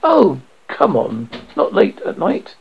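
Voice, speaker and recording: A man reading aloud and voicing the Doctor, an eccentric time traveller who is politely insistent and brisk. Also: high-pitched, huge pitch swings, gravelly, husky, voice pushed up, full character voice. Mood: pleading. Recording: dull lo-fi audio.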